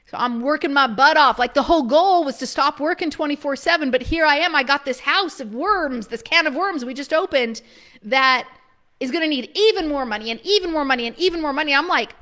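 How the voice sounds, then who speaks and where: A woman in her thirties telling a personal story in a lively, casual way, full of "like" and short laughs, acting out what people said. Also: high-pitched. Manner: animated, filler-heavy with frequent "like", quick laughs. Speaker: preschool business coach.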